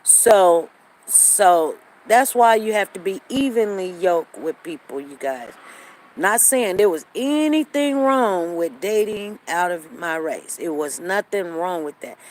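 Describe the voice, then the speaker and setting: A woman's voice: on the low side, low-quality recording. Woman host, forties, storytelling to the audience, repeats lines, faint road noise. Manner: conversational, repeats herself, acts out quoted lines. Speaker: show host. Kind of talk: casual storytelling to viewers.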